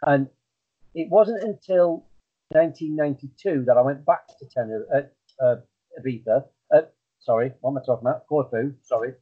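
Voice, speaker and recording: A man's voice: mid-range voice, fairly quick, husky. Man rambling over a tinny line. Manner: rambling, self-deprecating, many fillers and restarts. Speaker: guest hypnotist. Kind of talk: casual storytelling interview.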